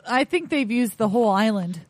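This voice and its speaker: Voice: medium pitch, lively intonation, brisk, dry recording. A podcast co-host chatting casually and making dry, wry remarks. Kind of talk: casual chat.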